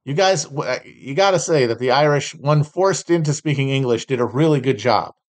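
A man's voice: mid-range voice, animated, fairly quick. A man hosting a solo podcast, reading out trading cards and mocking them with sardonic, profane, rambling asides. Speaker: podcast host.

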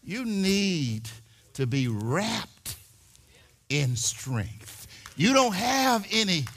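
A man preaching a sermon in a church, animated, building to shouts and repeating his words. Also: sits high, drawn-out words. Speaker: pastor.

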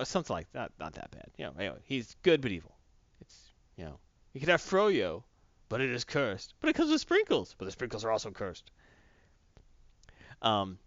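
A man casually recapping a comic book story as a podcast host, jumping into quick character voices as he retells it. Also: mid-range voice, fairly bright tone, no echo, lo-fi sound.

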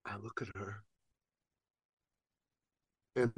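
Animated man telling a story. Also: on the low side, measured pace, pauses often, breathy edge, dry recording. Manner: animated storyteller, acts out quoted voices. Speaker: podcast guest. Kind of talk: storytelling in an interview.

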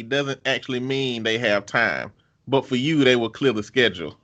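Bright-voiced man reading posts aloud. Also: mid-range voice, moderate pace. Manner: relaxed, profane, reads posts aloud with dry comic timing. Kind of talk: casual chat.

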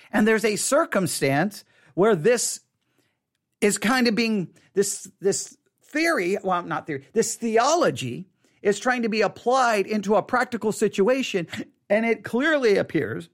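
A man hosting a live broadcast, talking earnestly and emphatically about theology, often repeating and restarting his phrases. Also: high voice. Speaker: host.

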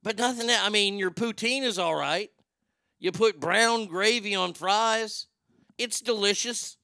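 Gravelly high-voiced man riffing sarcastically. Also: unhurried, sharp tone, no echo, clean studio sound. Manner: sarcastic, rambling, swears freely. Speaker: show host. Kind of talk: profane comedic news commentary.

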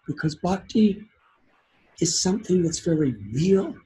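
A man's voice: sits high, a little slow, mellow, a little hiss or hum, rough recording. A man giving a devotional sermon as a spiritual teacher, telling a story in an earnest, emotional way.

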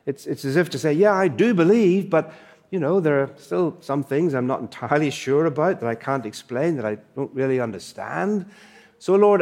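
A man's voice: fairly high pitch, darkish tone. A male preacher giving a sermon, emphatic and fond of rhetorical questions and asides.

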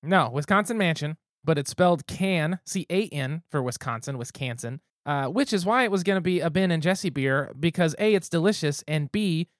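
A man's voice: a little high, expressive, moderate pace, hardly any pauses, no room sound, studio quality. A man hosting a casual podcast, talking in an easygoing, descriptive, good-humored way. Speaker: podcast host.

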